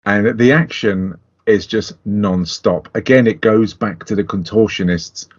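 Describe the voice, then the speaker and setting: A man's voice: fairly low pitch, a little slow, husky. A middle-aged man co-hosting a casual film review podcast, blunt and sweary, often laughing. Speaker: podcast co-host. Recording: dull lo-fi podcast audio.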